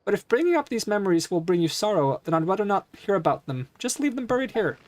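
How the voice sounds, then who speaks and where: A man's voice: high voice, sing-song, quick pace, dry recording, voice pushed up. A man doing an earnest young daughter. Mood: pleading. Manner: pleading, earnest. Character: earnest young desert daughter, devoted to her father.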